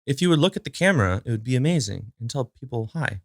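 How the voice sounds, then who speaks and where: A man's voice: medium pitch, lively intonation, quick pace, dry recording. Rambling man chatting, dry close sound. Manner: rambling, filler-heavy, chatty asides to his dog. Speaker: podcast host. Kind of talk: casual solo chat. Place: at home, sitting in a chair. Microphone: recording to a camera.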